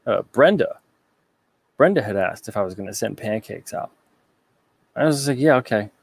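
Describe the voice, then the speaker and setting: A man with a low, gravelly voice hosts a casual livestream and reads viewer comments aloud. He answers them in a rambling, joking way, full of self-deprecating asides. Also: animated, moderate pace, no echo. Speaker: publisher host reading viewer comments.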